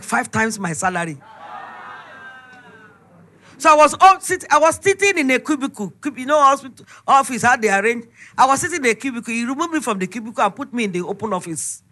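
A middle-aged woman with a Nigerian accent, giving an emphatic, animated preaching testimony. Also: fairly high pitch. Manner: storytelling, emphatic, animated retelling.

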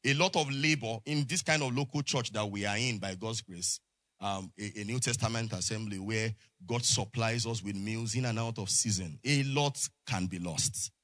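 A man's voice: fairly low pitch, normal speed, fairly bright tone, dry recording. A man preaching a sermon to his congregation, prompting them with call-and-response and frequent amens. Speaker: pastor. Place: church.

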